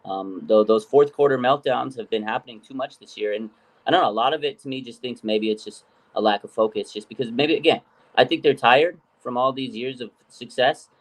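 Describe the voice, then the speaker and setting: A man's voice: medium pitch, brisk. Rambling male sports podcast host. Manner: rambling, many fillers. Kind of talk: casual sports podcast chat.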